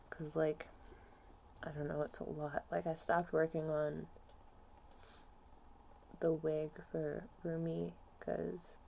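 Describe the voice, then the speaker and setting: A non-binary young adult speaks at an ordinary middle pitch, quiet and dejected. The talk is casual and halting, full of "like"s and trailing thoughts, as they vent their low mood to the camera. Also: vocal fry, slight background noise. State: low and depressed. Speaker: vlogger. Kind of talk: casual personal venting to camera.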